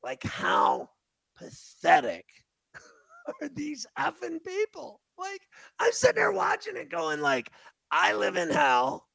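Brief: male talk host, gravelly and sharp, lively swooping pitch, profane mocking rants. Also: takes it slowly, dry recording. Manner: loud, profane, mocking ranting. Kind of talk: radio talk show rant.

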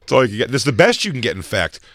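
A man in his thirties trades wry jokes on a podcast. His pitch is lively. The recording is dry and close. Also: rapid-fire, no room sound. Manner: wry, joking commentary. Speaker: podcast co-host. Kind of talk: casual podcast banter.

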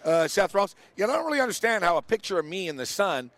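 High-voiced animated sports talk host. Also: male voice, fast, no room sound. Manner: animated storyteller, acts out quoted people. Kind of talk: casual sports chat. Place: outdoors near a big event.

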